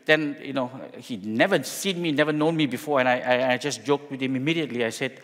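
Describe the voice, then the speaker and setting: Joking pastor in a reverberant church hall. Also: male voice, medium pitch, fast, hardly any pauses, fairly bright tone. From Singapore. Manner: jokey storytelling, many restarts. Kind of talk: sermon with personal story.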